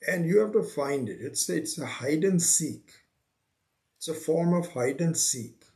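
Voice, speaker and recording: A man teaching a spiritual scripture class, unhurried, repeating his phrases and acting out the seekers he quotes. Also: on the high side, lively intonation, gravelly, a little mellow. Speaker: Vedanta teacher.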